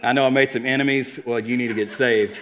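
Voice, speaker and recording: A man preaching a sermon as a guest speaker, with energetic, conversational delivery and quick asides. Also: medium pitch, dull audio. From Arkansas. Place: church sanctuary.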